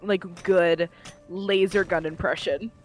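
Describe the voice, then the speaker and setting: Casting: young adult friend on a voice call, chatty, rambling anecdotes, mid pitch, faint music behind. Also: steady tone, takes it slowly. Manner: chatty storytelling with many likes. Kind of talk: casual gaming chat.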